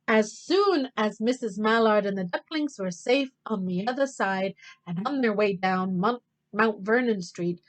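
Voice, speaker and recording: A woman teacher reading a picture book aloud to children, expressive and pausing to count along with them. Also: mid-range voice. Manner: expressive, stops to count and talk to kids. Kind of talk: children's storytime read-aloud.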